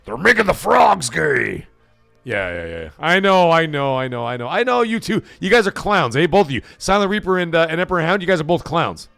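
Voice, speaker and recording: A middle-aged man hosting a live stream in loose, profane, rambling chat that breaks into bursts of shouting. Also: a little high, big pitch swings, fast, hardly any pauses, clear, resonant tone, soft background music. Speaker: livestream host.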